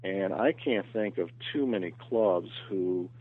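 An earnest man answers interview questions, often restarting and repeating words as he thinks. His voice is low and husky. He comes through a tinny phone line that sounds dry and close. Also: unhurried, no echo. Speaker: golf professional, interview guest. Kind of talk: podcast interview.

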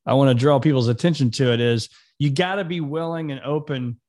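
A man's voice: mid-range voice, brisk, a little mellow. A man hosting an interview, giving blunt, emphatic motivational talk. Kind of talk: casual interview conversation.

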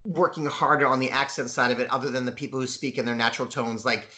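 A man co-hosting a casual film podcast, speaking in a measured way while searching for words. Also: mid-range voice, steady tone, sharp tone. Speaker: podcast co-host.

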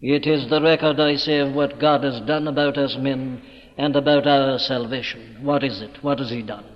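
A man's voice: mid-range voice, steady tone, moderate pace. A man preaching an evening sermon in an emphatic, declamatory way, hammering words with rising stress. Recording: dull old recording with long hall reverb.

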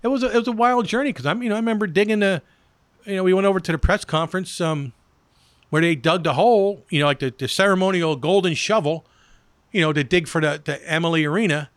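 A man's voice: sits high, quick pace, no room sound. A man, a sports radio personality, telling rambling anecdotes in casual chat, full of "you know" and acted-out quotes.

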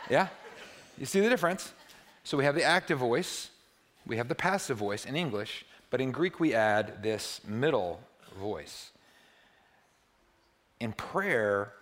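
A male pastor with a mid-range voice preaches in a church, playful and animated, alternating between loud, excited bursts and quiet, hushed passages.

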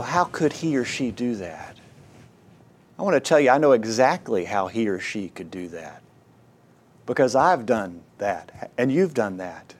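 A man preaching a sermon, earnest and exhorting, who reads scripture aloud in a measured cadence and swings between quiet, low passages and loud, rising emphasis. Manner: earnest preaching with wide swings in pitch and volume.

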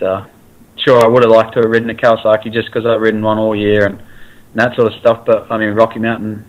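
Relaxed Australian man with halting speech. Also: on the low side, muffled recording. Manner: relaxed, halting with many fillers. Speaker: guest, racer. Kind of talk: casual interview chat.

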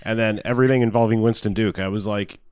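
A man's voice: fairly low pitch, fast talker, smooth, no echo, studio quality. A man hosting a casual movie review chat, rambling and laughing as he talks. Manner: rambling, animated, laughs often, restarts. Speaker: podcast host.

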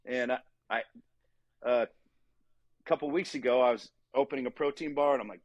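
A man's voice: mid-range voice, normal speed, pauses often, no room sound. A man in his forties, a fitness coach for fathers, talking earnestly in a casual podcast conversation and acting out his inner voice as he tells stories. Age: 40s. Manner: earnest, animated storyteller who acts out inner dialogue.

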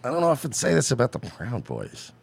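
A man co-hosts a podcast, talking in excitable, profane chatter. His voice is gravelly and moves a lot in pitch. His pitch sits mid-range for a man. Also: quick pace, no echo. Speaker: podcast co-host. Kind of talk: casual chat.

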